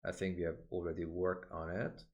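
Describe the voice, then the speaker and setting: A man teaching medical vocabulary in a recorded online lesson, explaining each term and repeating it slowly for pronunciation, with frequent "uh" fillers. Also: low voice, level tone, a little mellow, dull audio.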